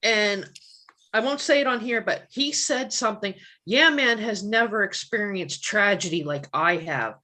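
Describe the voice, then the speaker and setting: A woman at a middle pitch chats on a livestream as a guest. She tells long stories, acting out what others said, and swears freely. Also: a little slow, bright, forceful tone. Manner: storytelling, quotes others, swears often. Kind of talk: casual livestream chat.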